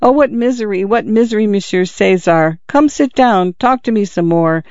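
A woman's voice: mid-range voice, normal speed, darkish tone, dry recording, pitched above the performer's own voice, lightly acted. A man voicing a grieving young housekeeper who pleads tearfully and emotionally, in a dull lo-fi recording. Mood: pleading.

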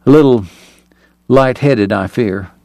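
A man's voice: medium pitch, slow, gravelly, mellow, no echo, studio quality. A man doing a frail, genteel gambler. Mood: faint. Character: frail, consumptive male gambler-dentist, cool and genteel.

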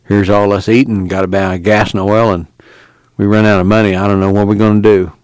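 A man's voice: fairly low pitch, level tone, fairly quick, a little mellow, clear, resonant tone, dry recording, lightly acted. A man voicing a worried farmer father speaking plainly. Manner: anxious, plain-spoken.

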